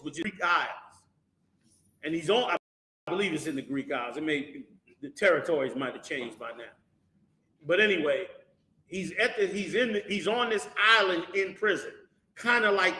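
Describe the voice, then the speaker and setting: A high-pitched man leads a scripture class, preaching with lively energy and loose street slang. He throws question after question at his listeners. The sound bounces around an echoey room. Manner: animated, asks the class rhetorical questions, colloquial slang. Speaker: Bible class teacher. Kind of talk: preaching-style scripture lesson.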